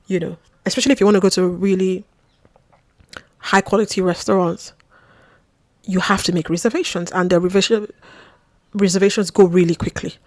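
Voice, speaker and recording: A woman's voice: medium pitch, no room sound, studio quality. Chatty woman telling a wry story. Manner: chatty, wry, with frequent asides and mimicry. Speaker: vlogger. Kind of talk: casual storytelling to camera.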